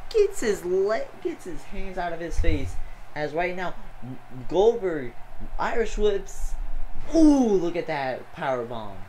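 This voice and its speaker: Excitable gamer doing play by play on a wrestling game, unhurried but swoopy, bit of faint hiss. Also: mid-range voice, poor audio. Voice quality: excitable, full of gasps and "oh"s. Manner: talks to the wrestlers on screen. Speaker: video game commentator.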